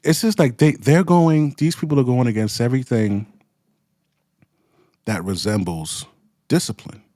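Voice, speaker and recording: A man's voice: mid-range voice, a little slow, dark tone, no echo, studio quality. A man giving a heated, profane commentary rant full of slang, as the show's host. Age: adult with children. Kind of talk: ranting commentary.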